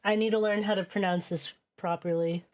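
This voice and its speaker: A woman's voice: medium pitch, fairly even intonation, brisk, darkish tone. A woman streaming a narrative game, reading its text aloud and reacting with chatty commentary, laughing often and swearing casually.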